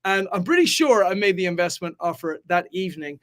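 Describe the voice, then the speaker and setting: A man hosting a live business talk, hyped and fast-flowing, swearing casually and swinging between loud and quiet. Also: sits high, lively intonation. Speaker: host. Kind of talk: energetic live-stream chat.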